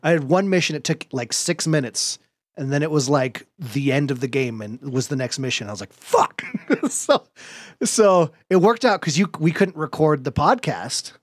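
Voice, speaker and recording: A man hosting a podcast, telling a story in lively casual chat, laughing often and swearing now and then. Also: on the high side, normal speed, no echo. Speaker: podcast host.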